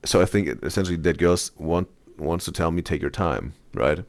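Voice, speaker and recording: A man streaming a casual reaction video, rambling with many restarts and trailing off quietly. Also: deep voice, fairly quick, no room sound.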